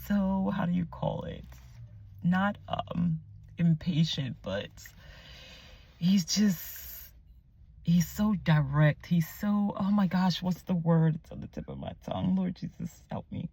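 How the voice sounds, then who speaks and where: Husky, gravelly-voiced young woman storyteller. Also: on the low side, takes it slowly, dry recording. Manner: animated storytelling, often dropping to a near-whisper; chatty, searching for words aloud. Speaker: Christian vlogger sharing her testimony. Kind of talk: casual personal testimony.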